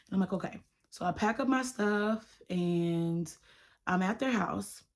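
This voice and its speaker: A young woman telling a personal faith story to camera in a casual, animated way, acting out the dialogue. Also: mid-range voice, moderate pace. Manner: animated, quotes others in dialogue, addresses viewers as y'all. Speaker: YouTuber sharing her testimony.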